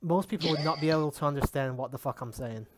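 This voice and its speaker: A man's voice: on the high side, quick pace. A man with a Sheffield Yorkshire accent, chatting casually while streaming a game and swearing freely. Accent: Sheffield, Yorkshire English. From England. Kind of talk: casual gaming stream chat.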